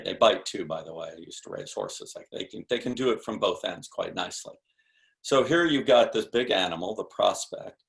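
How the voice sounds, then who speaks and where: A man's voice: on the low side, gravelly. A man speaking as a sales expert guest in a podcast interview, explaining in an emphatic, punchy coaching tone with rhetorical questions.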